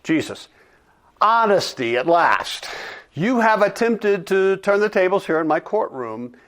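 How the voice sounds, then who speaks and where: A man voicing a calm, direct divine judge who speaks in a measured, solemn way in a dramatic reading. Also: high voice, full character voice. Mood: stern.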